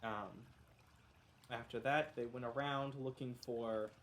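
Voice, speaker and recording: A man's voice: mid-range voice, steady tone, slow, a bit bright. A man hosting a tabletop role-playing stream, talking through the previous session in a meandering, self-correcting way. He sounds a bit under the weather, with coughs breaking in. There is a faint hiss of noise under his voice. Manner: rambling, self-correcting, joking. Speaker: game master. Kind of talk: casual tabletop game recap.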